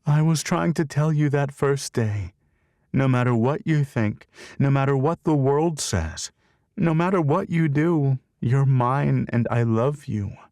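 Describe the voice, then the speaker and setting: A man's voice: mid-range voice, a little slow, a little mellow, no room sound, clean studio sound, voice pushed up, close to an everyday voice. A man voicing a loving, fierce middle-aged adoptive mother in an audiobook, speaking emphatically and tenderly. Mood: tender, fervent.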